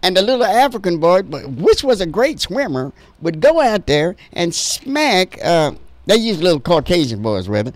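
A man's voice: sits high, normal speed, hardly any pauses, no echo. A man, a radio host, bantering and teasing his co-host in a joking way. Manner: teasing, animated, laughing back.

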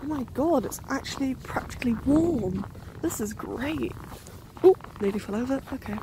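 A woman's voice: sits high, expressive, a little slow, vocal fry, pauses often, noisy background. Chatty young woman vlogging. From United Kingdom. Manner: chatty, self-deprecating, often drops to a hushed whisper. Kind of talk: casual vlog chat. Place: indoors in a small warm room, then outdoors in snow and wind. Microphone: handheld camera mic.

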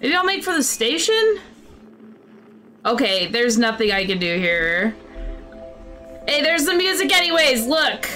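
A woman playing a video game and talking through it in casual, excitable commentary, often flustered and startled. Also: fairly high pitch, measured pace, long pauses, faint music behind. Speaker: gaming streamer. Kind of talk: casual let's-play commentary.

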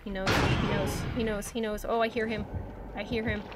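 A woman's voice: medium pitch, little pitch movement, moderate pace, background noise. A young woman streaming a horror game, giggling and easily spooked as she comments on her play.

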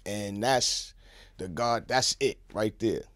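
A man telling a story in a casual podcast interview, swinging from hushed to shouting. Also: on the low side, takes it slowly, dry recording. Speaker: guest. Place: podcast studio.

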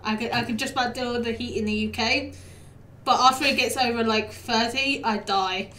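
A high, bright-voiced young woman chatting through a live game stream, laughing easily and bantering with what happens on screen. She sits a little back from the mic in an echoey room. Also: steady tone, moderate pace, far from the mic. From United Kingdom. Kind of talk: casual live-stream chat.

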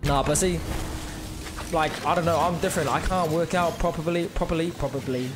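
A man's voice: fairly high pitch, fairly even intonation, brisk, background noise. A young man with a New Zealand accent, chatting casually on a gaming livestream and greeting viewers with laid-back slang. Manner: laid-back slang, reads out chat names.

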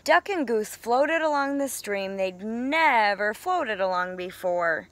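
A woman teacher reading a picture book aloud to young children, in a gentle, expressive storytelling manner. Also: fairly high pitch, takes it slowly, dry recording.

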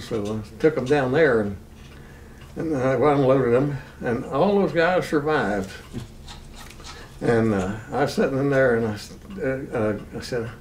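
A man's voice: medium pitch, a little mellow, far from the mic, slight background noise. Older Texan man recounting a war story. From Texas. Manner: plain unhurried recounting, chuckles at own story. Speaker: interviewee, war veteran. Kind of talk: oral history storytelling.

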